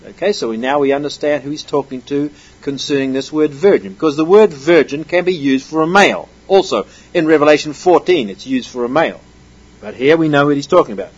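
A man's voice: fairly high pitch, a little fast, husky, poor audio. A man preaching a conversational sermon from a Bible passage, often checking in with rhetorical questions.

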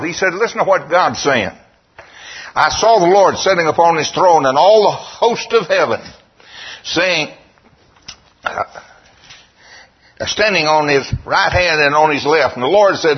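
Husky man preaching a sermon. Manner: storytelling, quoting scripture in a slow, lowered voice. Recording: dull lo-fi recording.

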